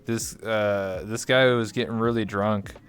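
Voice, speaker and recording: A man's voice: on the low side, fairly even intonation, a little slow, soft background music. A man hosting a casual livestream interview, joking around with playful, swearing trash talk. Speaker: host.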